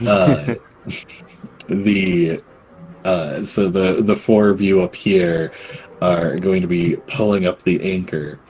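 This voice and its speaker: A man narrating as game master of a tabletop game, casual and halting, with many fillers. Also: deep voice, a little mellow, a little hiss or hum.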